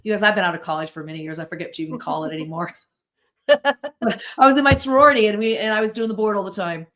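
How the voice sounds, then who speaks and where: A middle-aged woman from the United States, a podcast guest telling stories in an animated, self-interrupting way. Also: medium pitch, rapid-fire. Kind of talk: casual storytelling interview.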